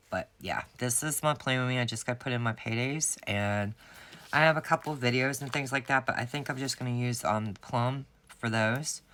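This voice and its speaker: In this casual planner setup vlog, the owner of a planner sticker shop talks to her viewers in a friendly, meandering way. Her rumbling low voice is a bit bright, and there's a little hiss or hum on the recording.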